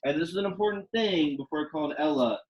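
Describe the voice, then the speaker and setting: A man's voice: fairly high pitch, fast talker, lo-fi sound. A young man teaching a Latin class, speaking casually and quizzing his students with questions. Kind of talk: classroom lecture.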